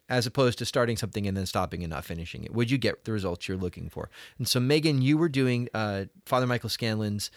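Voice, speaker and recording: A middle-aged man hosts a casual podcast, his voice swinging widely in pitch as he jokes and laughs at himself. His delivery is animated, full of restarts and asides. The recording is dry and close. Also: dry recording. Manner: animated, jokey, self-deprecating with frequent restarts. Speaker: podcast host. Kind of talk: casual chat.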